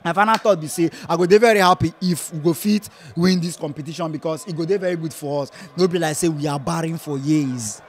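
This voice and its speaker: A young man from Nigeria speaking Nigerian Pidgin English, giving a lively, laughing football match reaction. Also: fairly high pitch, fast, hardly any pauses. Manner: lively, laughs often, repeats phrases. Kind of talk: casual post-match chat.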